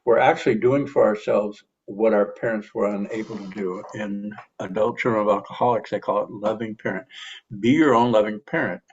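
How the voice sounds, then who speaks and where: Earnest middle-aged male speaker, husky and low, reflective monologue on recovery. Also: fairly even intonation, brisk, darkish tone, muffled recording. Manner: earnest, self-reflective, with frequent restarts and sighs. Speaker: recovery and personal growth speaker.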